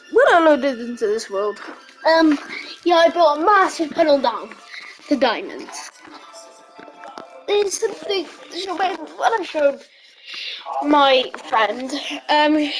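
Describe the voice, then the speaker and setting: A woman giving casual, rambling gameplay commentary, excitable and giggly with many fillers. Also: high voice, rough recording. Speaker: gameplay vlogger.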